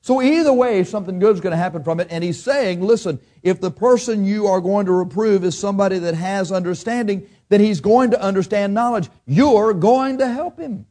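A man's voice: expressive, normal speed, few pauses, mellow. Blunt, emphatic preacher man. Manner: blunt, emphatic, acts out excuses in a higher whiny voice. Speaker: pastor. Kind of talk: sermon.

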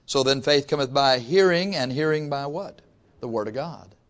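A pastor preaching to his congregation, swinging from loud rises to soft asides. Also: mid-range voice, expressive, normal speed. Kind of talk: sermon. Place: church before a congregation.

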